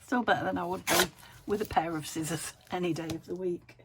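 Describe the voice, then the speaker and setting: A woman's voice: fairly low pitch, steady tone, brisk. A middle-aged woman chatting casually to herself while she works on a craft, often dropping into a whisper. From United Kingdom. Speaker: craft vlogger. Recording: noisy home recording.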